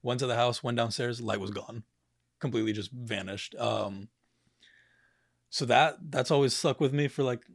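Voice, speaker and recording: A man's voice: medium pitch, fairly even intonation, normal speed, gravelly, no room sound, clean studio sound. A young man chatting casually on a podcast, rambling with lots of fillers and swearing. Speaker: podcast guest.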